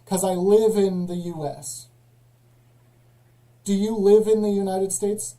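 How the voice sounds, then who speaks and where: A man's voice: high voice, steady tone, slow pace, mellow, poor audio. A man hosting a live call-in stream, questioning callers in a dry, sarcastic way. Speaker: livestream host. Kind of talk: casual live call-in chat.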